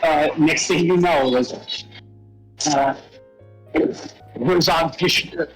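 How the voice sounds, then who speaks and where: Brief: unhurried, hesitant guy searching for words. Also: a little high, soft background music, rough recording. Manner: halting, full of fillers and restarts. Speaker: podcast co-host. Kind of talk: casual conversation.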